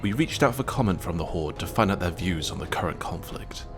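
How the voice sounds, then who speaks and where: A man narrating a gaming video as a mock news report, with a deadpan, mock-serious war-correspondent delivery. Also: low voice, fairly quick. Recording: voice-over with background electronic music.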